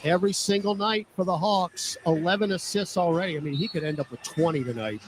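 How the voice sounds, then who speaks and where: A man doing radio play-by-play for a basketball game, calling each play in quick clipped bursts. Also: high-pitched. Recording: noisy radio broadcast with arena ambience.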